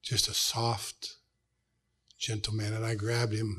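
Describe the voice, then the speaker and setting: A middle-aged man with an American accent, preaching a sermon as a pastor, telling stories and dropping from loud to hushed tones. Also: fairly low pitch, completely flat delivery, slow, pauses often, husky. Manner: storytelling, shifts from loud to hushed.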